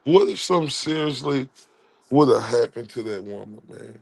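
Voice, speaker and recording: A gravelly man from Dallas, Texas hosts a livestream. He rants in heated bursts and hurls repetitive, profane insults. His voice sits at a middle pitch with heavy vocal fry. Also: expressive, moderate pace, darkish tone. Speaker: livestream host.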